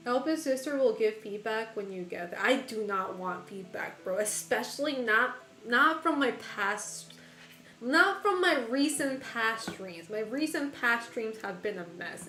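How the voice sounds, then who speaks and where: Woman streamer chatting w her chat, slow drawl, laughs a ton, swears a bit, echoey room w faint music. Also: on the high side, a bit bright. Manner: laughs often and swears casually. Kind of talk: casual chat with viewers while gaming. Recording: roomy echo with faint music behind.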